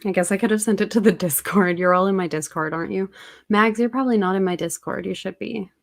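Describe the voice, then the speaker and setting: A woman's voice: mid-range voice, quick pace, gravelly. A young woman chatting casually with her viewers on a livestream from home, rambling and talking to them by name. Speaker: livestream host.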